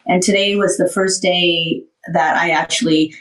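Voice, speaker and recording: A woman's voice: fairly low pitch, fairly even intonation, normal speed, a bit bright, far from the mic. A woman hosting a talk show, telling her recovery story candidly and animatedly, tired after surgery. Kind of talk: casual talk show chat. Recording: roomy, off-mic sound.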